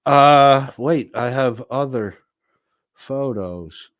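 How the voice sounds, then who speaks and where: A man's voice: mid-range voice, extremely slow, dry recording. A man hosting a livestream, reading viewer comments aloud and answering them in a crude, mocking, profane way. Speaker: livestream host.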